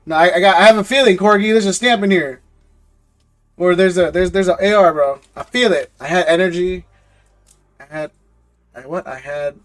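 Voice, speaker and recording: A man hosting a live stream, chatting casually and jokingly with viewers in loose slang, often repeating words as he goes. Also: sits high. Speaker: live-stream host opening trading card packs.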